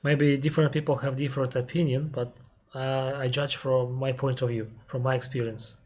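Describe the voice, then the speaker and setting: Answering viewer questions during a casual live stream, a Russian-accented airline captain talks in a slightly mellow, medium-pitched voice with little pitch movement. He's patient and unhurried, breaking things down step by step amid frequent restarts and pauses.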